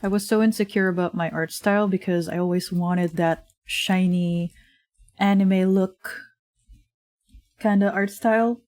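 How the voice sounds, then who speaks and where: Slow, chatty woman streamer. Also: mid-range voice, fairly even intonation, a little mellow, dry recording. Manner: chatty and rambling, many fillers, laughs often. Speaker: streamer and digital artist. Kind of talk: casual livestream chat while drawing.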